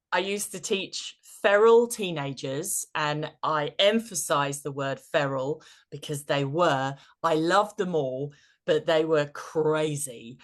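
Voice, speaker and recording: A woman with a notably low voice chats as a podcast guest, easygoing and enthusiastic. She sounds middle-aged and talks in a loose, conversational way. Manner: chatty and enthusiastic, laughs easily. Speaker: guest, business coach. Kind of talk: casual podcast interview.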